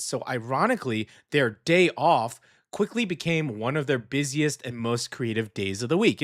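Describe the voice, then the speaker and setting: A man hosts a local radio show in a loose, chatty way, tripping over words and laughing as he goes. His voice sits at an ordinary middle pitch. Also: fairly bright tone. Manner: chatty, upbeat, frequent fillers and laughs. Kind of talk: casual radio chat. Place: radio studio.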